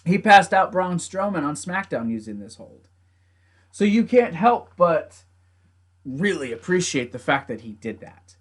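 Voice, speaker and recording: A young man casually recapping a wrestling event, animated, laughing often and acting out the wrestlers' lines. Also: fairly high pitch, unhurried. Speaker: wrestling show reviewer. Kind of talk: casual recap with acted quotes.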